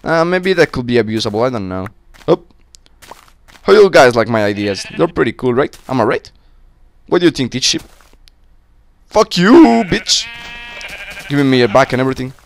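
Excitable, foul-mouthed young gamer guy. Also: medium pitch, fast talker, vocal fry. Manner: excitable, swears a lot, yells at game monsters. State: slightly sick, voice cracking. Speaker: gaming channel host. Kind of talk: casual Minecraft let's-play commentary.

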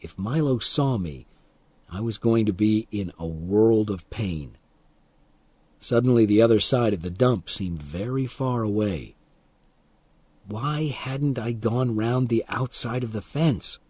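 A man reading a first-person story aloud as an audiobook narrator, calm and expressive, for English learners. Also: fairly low pitch, takes it slowly, husky, no echo.

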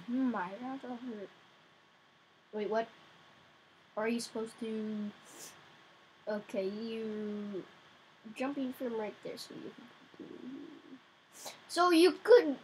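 A young woman giving casual gameplay commentary, excitable, crying out in frustration now and then. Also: fairly high pitch, very slow, pauses often, slight background noise, low-quality recording. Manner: excitable, yelps and cries out in frustration. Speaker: gamer.

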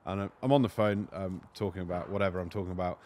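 A lowish-voiced man races through stories from his days hosting shoots. He talks fast and animated, full of fillers. There is a faint murmur of room sound behind him. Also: background noise. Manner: rapid, animated storyteller with frequent fillers. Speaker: shoot host and business owner, podcast guest. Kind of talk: casual chat, storytelling anecdotes.

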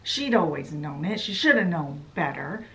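A woman's voice: deep voice, sing-song, normal speed, sharp tone. A woman casually summarizing a book in a meandering way, with lots of fillers. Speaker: book vlogger.

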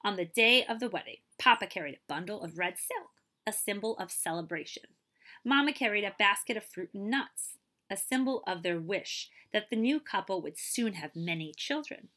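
Bright-voiced librarian reading a picture book. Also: female voice, medium pitch, normal speed. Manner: lively storytelling, asks children questions. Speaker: librarian reading aloud to children. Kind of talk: picture-book read-aloud.

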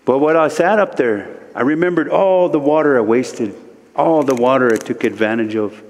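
A man from Standing Rock, a guest speaker at a church service, telling a spiritual story slowly, with many repeated "he said" lines. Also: mid-range voice, in a large hall. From Standing Rock, United States. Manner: slow and repetitive, retelling speech with many "he said".

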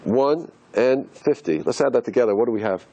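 A man's voice: medium pitch, a little fast, dark tone, lo-fi sound. A man teaching as a rabbi, asking rhetorical questions and musing aloud as he explains letters on a board. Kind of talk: teaching lecture.

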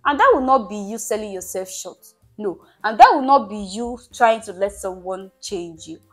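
A woman's voice: medium pitch, animated, normal speed. A woman giving relationship advice in a casual monologue, emphatic and repetitive, coaxing her listener and laughing at herself. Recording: faint music behind.

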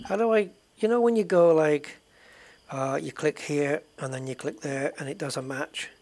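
A man's voice: on the high side, normal speed. Man muttering over a game. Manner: quiet, muttering thoughts aloud. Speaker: gaming channel host. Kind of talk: let's play commentary.

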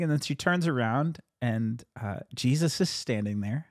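Pastor, male, mid-pitched, lively swings in tone, laughy storyteller, dry close sound. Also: moderate pace, hardly any pauses, no echo. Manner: animated storyteller, laughs often, jumps up in pitch for quoted voices. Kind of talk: casual conversation about a sermon.

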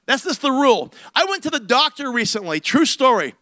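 A middle-aged man, a senior pastor, telling a comic story in a sermon with big swings between loud and hushed. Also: very high-pitched, very animated, brisk, dry recording.

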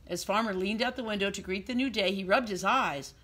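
A woman preschool teacher reading a storybook aloud to young children in an expressive, sing-song way. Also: mid-range voice, brisk.

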